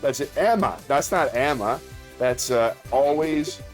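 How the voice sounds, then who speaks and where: Casting: male comedian host, animated pitch, playful casual chat, music faint behind. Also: measured pace. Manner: chatty, playful, lively delivery. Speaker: comedian host of a live stream. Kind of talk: casual live-stream chat.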